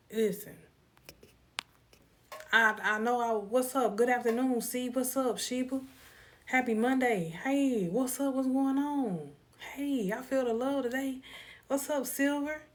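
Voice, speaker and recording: A woman hosting a casual live stream, greeting viewers one by one and sharing motivational thoughts in a tired, laid-back way. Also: fairly high pitch. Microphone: phone.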